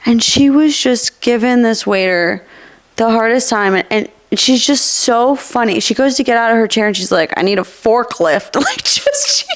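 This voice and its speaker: A young adult woman hosts a podcast, telling stories animatedly in a casual chat full of laughter. Her voice is on the high side and her pace is moderate.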